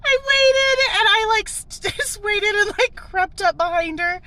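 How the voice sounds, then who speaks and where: A woman sits in her parked car and talks into her phone, laughing so hard she is close to tears. Her voice is high and bright, and her pitch swings widely as she giggles her way through the story. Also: animated, unhurried. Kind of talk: casual storytelling to camera. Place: parked car in a grocery store lot.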